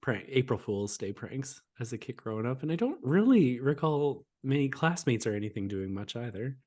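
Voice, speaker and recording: A man co-hosting a casual chat, easygoing and quick to laugh, with teasing asides. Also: mid-range voice, sing-song, a little mellow. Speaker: co-host.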